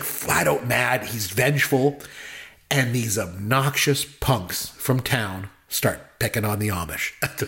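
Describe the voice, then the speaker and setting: A man's voice: mid-range voice, fairly bright tone. Chatty man gushing about a film. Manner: enthusiastic, rambling with many fillers. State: married. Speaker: podcast co-host. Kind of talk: casual movie discussion.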